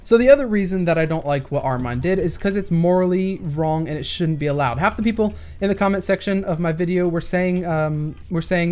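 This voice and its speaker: A man's voice: high voice, fairly quick, hardly any pauses, darkish tone. A man talking casually in a Q&A rant while playing a shooter game, rambling with many restarts and explaining through analogies. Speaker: gaming YouTuber. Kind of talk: casual Q&A rant over gameplay.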